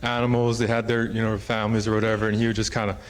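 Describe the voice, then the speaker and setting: A man's voice: lowish voice, flat delivery, very fast. A man presenting at a conference, telling a traditional story in a casual, rambling way with many fillers. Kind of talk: oral storytelling in a conference talk. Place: conference hall.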